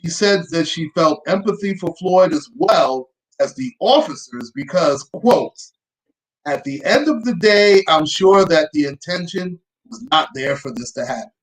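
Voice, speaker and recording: A woman's voice: lowish voice, lively intonation, unhurried, poor audio. A woman hosting her own show, reading out a news report and adding dry, sarcastic asides. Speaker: host. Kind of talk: reading news aloud with commentary.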